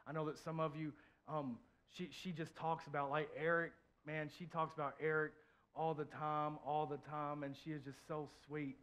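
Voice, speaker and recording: A pastor preaching a heartfelt sermon in church, sharing a personal story, repeating phrases and swinging from soft to loud. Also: male voice, a little high, level tone, moderate pace. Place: church, before a congregation.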